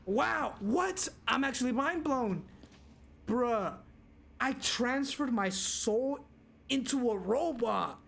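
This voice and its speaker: A young man streaming a zombie game, reacting loudly with gasps and exclamations. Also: very high voice, takes it slowly, gravelly. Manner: excitable, loud reactions, frequent gasps. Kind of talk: live gameplay commentary.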